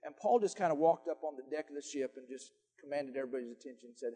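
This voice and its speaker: Older man, pastor, sermon, folksy storytelling, soft then emphatic, mellow tone. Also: fairly high pitch, animated, racing, slightly rough, in a large hall.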